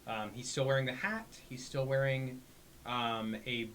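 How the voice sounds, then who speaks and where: A man describing his tabletop character haltingly, with long pauses. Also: medium pitch, steady tone, a bit bright, slight background noise. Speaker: player.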